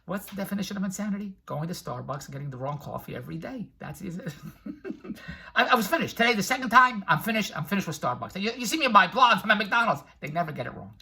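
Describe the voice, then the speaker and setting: Brash rambling older man, husky. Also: sits high, lively intonation, quick pace, pushed and bright. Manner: brash, tangent-prone, laughs at himself. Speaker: vlogger and infomercial producer. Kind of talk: rambling motivational monologue.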